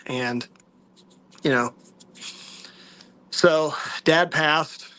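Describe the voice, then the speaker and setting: A man vlogging to viewers, telling a personal story in a halting, soft-spoken, earnest way. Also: on the high side, clean tone.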